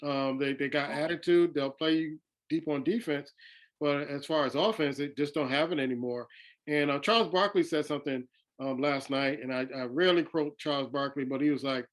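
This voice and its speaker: A man co-hosting a sports talk show, talking in a relaxed way and often restarting his sentences. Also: mid-range voice. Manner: relaxed, repeats himself. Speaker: sports radio co-host.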